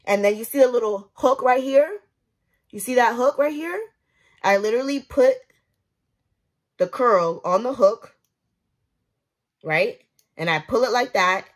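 A young woman vlogging casually at home as she does her hair, chatting to her viewers in a slangy, direct way while filming on a propped-up phone. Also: medium pitch. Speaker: beauty vlogger. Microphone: phone propped up nearby.

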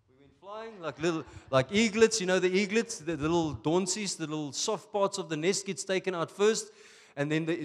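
A male pastor preaching a sermon from South Africa, animated and rising to emphatic bursts. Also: high voice, long reverb tail.

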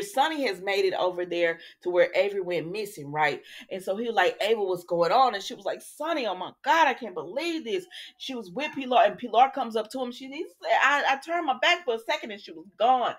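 A woman gives a loose, chatty soap recap as if talking to friends. She stays animated and colloquial, talks straight to the viewer and laughs as she goes. Her voice sits at an ordinary middle pitch. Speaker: soap opera recap host.

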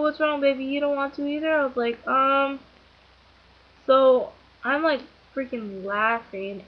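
Young woman, casual storytelling, rambling, giggly, slightly high voice, dull lo-fi recording. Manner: rambling, filler-heavy, giggly. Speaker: vlogger.

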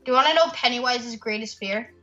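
High, bright teasing woman, lo-fi mic. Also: quick pace, faint music behind. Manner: teasing, mock-insulting. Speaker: gamer. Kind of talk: casual gaming chat.

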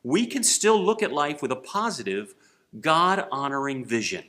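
A man's voice: fairly high pitch, very animated, normal speed, fairly bright tone. A man pastor giving an online sermon, telling folksy jokes and asking rhetorical questions. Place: church.

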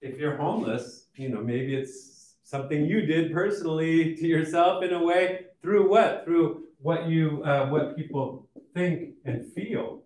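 A man lecturing on sociology in a relaxed, conversational way, with frequent fillers and restarts. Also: fairly high pitch, measured pace. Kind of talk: recorded college lecture. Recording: echoey room, mic at a distance.

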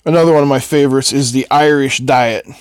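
A man's voice: medium pitch, steady tone, quick pace, a little mellow, clean tone. An older man hosting a live electronics build who chats casually and rambles, answering viewers between soldering steps. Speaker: host of an electronics build stream. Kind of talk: casual chat while soldering.

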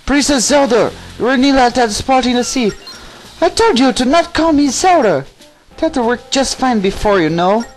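A man's voice: very high voice, expressive, moderate pace, soft background music, voice pushed up. A man voicing a bossy young female pirate captain for a game playthrough, commanding and impatient. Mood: irritated.

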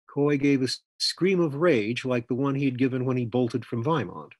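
A man narrating his story in a steady, even audiobook reading. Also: mid-range voice, moderate pace, hardly any pauses, slightly rough, no room sound.

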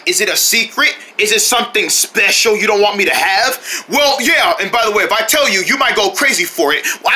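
Skit performer, lively swooping pitch, sharp bright tone, excitable and loud. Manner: excitable, often shouting and laughing. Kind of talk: playful comic skit with several characters.

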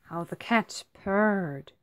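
A woman reading a rhyming picture book aloud, like a teacher, in a very expressive and clearly phrased way. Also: medium pitch, extremely slow. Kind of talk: storybook read-aloud.

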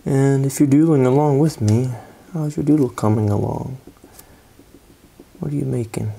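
A man's voice: medium pitch, normal speed, gravelly, warm tone, husky. A sleepy man chatting in a rambling, offhand way about his drawing as he works. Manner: rambling, drowsy, lots of fillers and trailing thoughts. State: sleepy, yawning. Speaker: artist doing doodle commentary. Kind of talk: casual rambling commentary while drawing.

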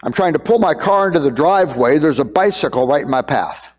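A man's voice: a little high, animated, fairly quick, darkish tone, big-room sound. An older man preaching a sermon in a conversational way, often repeating words as he thinks.

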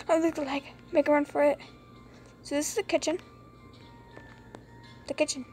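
A young woman with a bright, high voice talks through a computer game in a bedroom late at night. She rambles and giggles, keeping things hushed so others stay asleep. Faint game music plays underneath her phone-recorded voice. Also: flat delivery, a little slow, pauses often. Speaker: gameplay streamer. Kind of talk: casual gameplay commentary. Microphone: phone screen recorder.

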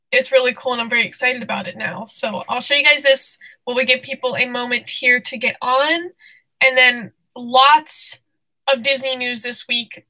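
A young woman hosting a casual live stream, bubbly and excitable, out of breath and laughing often. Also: high-pitched, rough recording.

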